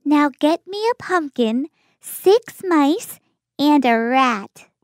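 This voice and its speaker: Gentle fairy godmother, as a woman reader puts her on: high, airy, slow and reassuring. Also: expressive, no echo, studio quality. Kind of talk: storybook character voice.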